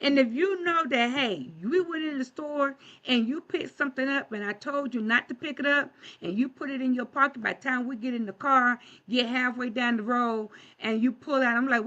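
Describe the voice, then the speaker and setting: Bright-voiced woman preaching plainly. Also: high voice, moderate pace, hardly any pauses, lo-fi sound. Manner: conversational, plain-spoken preaching with rhetorical questions. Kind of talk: sermon. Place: church.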